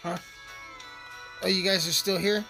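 A man's voice: sits high, fairly even intonation, measured pace, creaky, bright, forceful tone. A man rambling through a profane, joking casual monologue as a podcast host. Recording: music playing behind.

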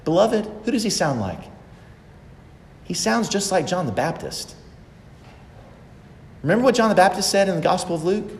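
A man's voice: high-pitched, big pitch swings, normal speed, pauses often. A man preaching a sermon as pastor, emphatic and repeating phrases for stress. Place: church sanctuary. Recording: echoey church hall.

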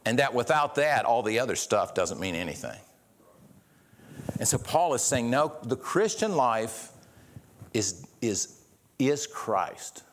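A man delivering a sermon at an ordinary middle pitch. He preaches earnestly, often restarting phrases and repeating words as he builds his point. He poses rhetorical questions to his listeners. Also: big pitch swings, takes it slowly, long pauses, slight background noise. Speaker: pastor.

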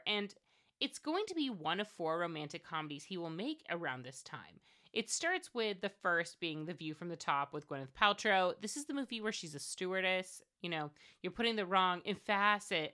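A woman's voice: lowish voice, sharp tone. A woman hosting a podcast, talking casually on her own with wry asides and plenty of fillers. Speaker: podcast host. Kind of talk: casual solo commentary.

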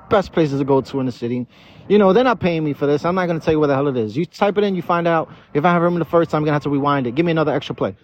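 A tipsy man with a fairly high, darkish voice hosts a podcast outdoors in a city park. He rambles through a casual, profane monologue riddled with stammered restarts, and the outdoor recording sounds dull and lo-fi.

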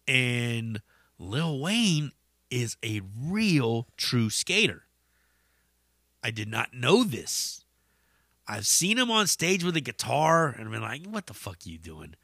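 A man's voice: mid-range voice, no room sound, studio quality. A man hosting a casual solo podcast, ranting and rambling with lots of swearing and fillers. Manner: profane, animated ranting with frequent swearing. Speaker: podcast host.

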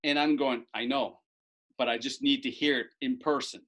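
Lively man telling a story, bright voice. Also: mid-range voice, moderate pace. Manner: animated, acts out quoted lines with raised voice. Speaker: storyteller recounting a bet. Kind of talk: casual anecdote told to an audience.

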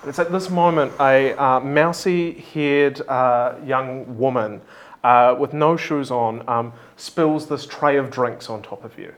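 As game master, a man narrates a tabletop game haltingly, with many fillers. His voice is mid-range with fairly even intonation, and the sound is reverberant.

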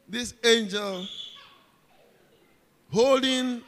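A pastor with a Ghanaian accent preaches a sermon emphatically, repeating phrases and calling out to the congregation. His voice is high and a bit bright, unhurried with frequent pauses, and the recording has a long hall reverb.

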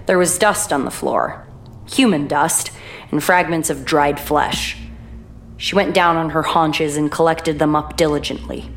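Woman, audiobook horror narrator, deep voice, measured reading. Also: slight background noise.

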